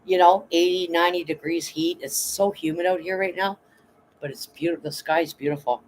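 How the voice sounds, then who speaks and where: Man, tired, casual livestream chat, rambling, blunt, slightly high voice. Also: steady tone, a little fast, slight background noise, rough recording. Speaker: vlogger reading live chat.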